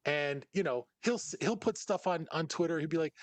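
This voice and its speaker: A man hosting a podcast in casual chat, telling stories in an animated way. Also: fairly high pitch, brisk, dry recording. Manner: animated storyteller who acts out other people's lines. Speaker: podcast host.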